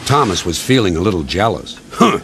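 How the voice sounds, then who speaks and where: A man reading a children's train story aloud as narrator, in an expressive manner. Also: fairly low pitch, normal speed, over music.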